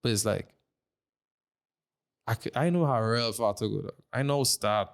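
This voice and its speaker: A man's voice: on the low side, moderate pace, creaky. Brash young Trinidadian man. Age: 20s. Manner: brash, slangy, emphatic. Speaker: guest streamer. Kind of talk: casual podcast conversation.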